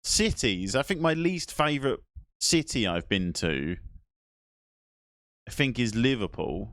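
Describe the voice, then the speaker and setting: Animated, rambling man streaming. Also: medium pitch, measured pace, no echo, clean studio sound. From England. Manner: swears, rambling, talks to chat. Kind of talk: casual live-stream chat.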